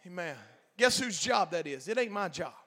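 A man preaching a Pentecostal sermon as pastor, talking in a folksy, colloquial way and swinging from quiet asides to loud shouted preaching. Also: sits high, lively intonation, normal speed. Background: faint congregation.

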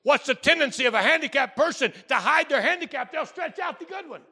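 A man preaching a sermon as a missionary, telling a story and building to fervent shouting. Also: very high-pitched, animated, fairly quick.

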